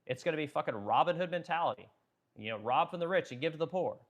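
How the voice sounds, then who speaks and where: A man's voice: on the high side, expressive, fast talker, muffled recording. Man, middle-aged, livestream host, angry political rant, swears a lot, repeats and stumbles. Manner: fired-up, swearing, repeats himself, frequent stumbles. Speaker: business owner and livestream host.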